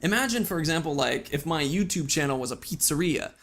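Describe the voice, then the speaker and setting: A man talking casually to his channel in a chatty vlog, with the odd swear and animated asides. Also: on the high side, fairly quick. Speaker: YouTube vlogger.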